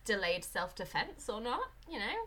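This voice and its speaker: A woman's voice: medium pitch, sing-song, normal speed, bright, forceful tone. A woman co-hosting a casual chat who talks enthusiastically and laughs often. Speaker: podcast co-host.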